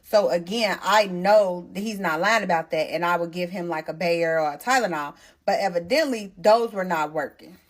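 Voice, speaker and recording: A young woman telling a personal story to her followers in a casual, animated way, with blunt slang and swearing. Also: lowish voice, normal speed, few pauses. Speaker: storytime vlogger.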